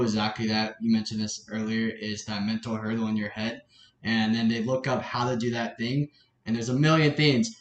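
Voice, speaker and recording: Thoughtful podcast host guy, kinda roomy echo, faint hiss behind. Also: mid-range voice. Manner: earnest, thoughtful, with many affirming yeahs. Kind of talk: casual interview chat. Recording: echoey room with faint background noise.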